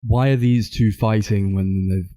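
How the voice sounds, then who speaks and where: A man's voice: lowish voice, steady tone, unhurried, mellow, no echo, low-quality recording. A man co-hosting a podcast, chatting casually about films in a rambling, hedging way. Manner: rambling, hedging, full of "like" and "I suppose". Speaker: podcast co-host. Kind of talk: casual film discussion.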